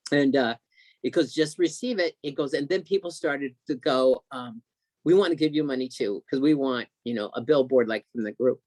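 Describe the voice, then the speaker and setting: A man telling an excited, emotional story as a guest on a video call, acting out what others said. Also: medium pitch, moderate pace, no echo. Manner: excited, emotional storyteller who acts out quotes.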